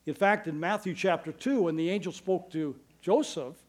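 High-voiced, emphatic preaching man. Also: moderate pace. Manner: earnest, emphatic preaching with sudden loud stresses. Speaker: pastor. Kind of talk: sermon.

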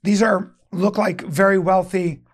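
A man's voice: high-pitched, fairly even intonation, unhurried. A man chatting casually, telling a rambling, profane story with lots of restarts. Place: Venice, Los Angeles resident.

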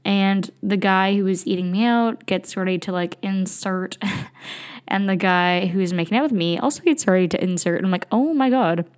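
A woman's voice: medium pitch, normal speed, smooth. Candid young woman telling a story. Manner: candid, rambling, laughs often, many fillers. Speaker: podcast host. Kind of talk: casual storytelling monologue. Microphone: home computer recording.

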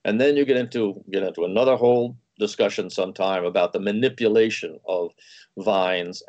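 A man's voice: sits low, a little mellow. A man, a wine expert guest, explaining through a story and acting out the quoted dialogue himself. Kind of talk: anecdotal explaining. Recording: dull lo-fi sound.

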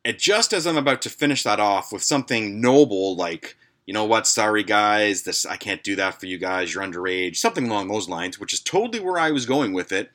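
A man's voice: on the low side, fairly bright tone. A man hosting a casual podcast, telling stories in a profane, sarcastic, self-mocking way. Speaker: podcast host.

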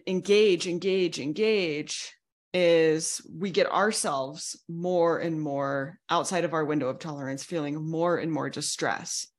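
A woman with a somewhat low voice coaches listeners through a lesson one step at a time. She reassures warmly and slips briefly into quoted voices to act out examples. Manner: reassuring, explains in steps, acts out quoted voices. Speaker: betrayal recovery coach. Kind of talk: podcast teaching talk.

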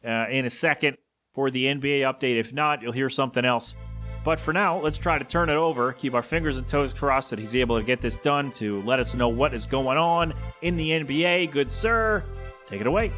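A man's voice: mid-range voice, brisk, a bit bright, faint music behind. A man hosting a podcast, rambling casually and opinionatedly about sports with many fillers and asides. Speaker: podcast host.

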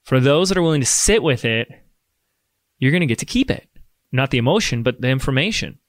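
A man's voice: mid-range voice, animated, fairly quick, no echo. A man hosting a podcast, talking through a motivational monologue with rambling enthusiasm and self-deprecating jokes. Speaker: podcast host.

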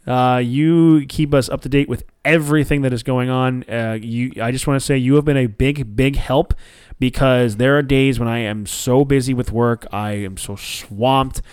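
A man hosts a podcast in a loose, chatty way, swearing freely and acting out other people's lines as he tells a story. His voice sits at an average pitch. It is recorded close in a dry room. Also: moderate pace, smooth, dry recording. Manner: animated storyteller, swears casually, acts out quotes. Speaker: podcast host. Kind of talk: casual podcast chat.

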